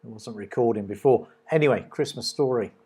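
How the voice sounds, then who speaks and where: A man's voice: medium pitch, fairly quick, a little mellow, reverberant. A man and local news journalist telling a casual, rambling story that wanders off into asides. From Britain. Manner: rambling, digressive, chatty.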